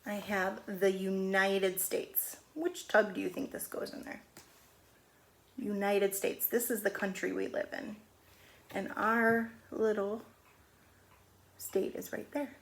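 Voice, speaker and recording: A middle-aged woman teaching a phonics lesson on video at home, stretching out letter sounds slowly and patiently. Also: medium pitch, little pitch movement, creaky. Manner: slow, drawn-out sounding of letters. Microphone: camera on video.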